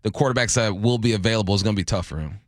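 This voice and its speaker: A man in his late thirties, co-hosting a sports talk radio show with animated, jokey rants. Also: lowish voice, very fast, dry recording, clean studio sound. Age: 30s.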